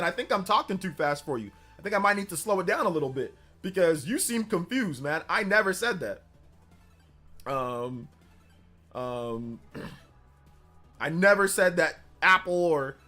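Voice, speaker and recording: A young man hosts a casual livestream and argues his point back at the chat. His voice sits high and bright, and he talks defensively, circling back to the same claim. Faint music plays behind him. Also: lively intonation, normal speed. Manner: defensive, repeats himself, argumentative. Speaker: livestream host. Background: background music.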